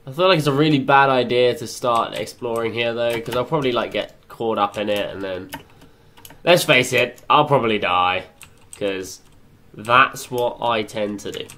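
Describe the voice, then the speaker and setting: A young man doing excitable let's play commentary, chattering to himself and swearing often. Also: mid-range voice, moderate pace. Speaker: gaming channel host.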